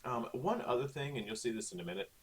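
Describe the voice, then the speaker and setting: A man's voice: medium pitch, expressive, quick pace, background noise. A male teacher talking casually through a recorded online lesson, with lots of okays and ums. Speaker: Spanish teacher.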